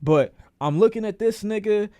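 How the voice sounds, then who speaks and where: A man streaming a casual storytime, animated and profane, repeating phrases for emphasis. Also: high-pitched, normal speed, no room sound.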